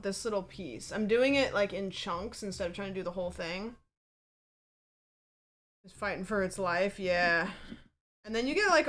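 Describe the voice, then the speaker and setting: A woman's voice: mid-range voice, fairly bright tone, a little hiss or hum. A woman livestreamer chatting casually from a home setup, rambling and peppered with fillers and swearing.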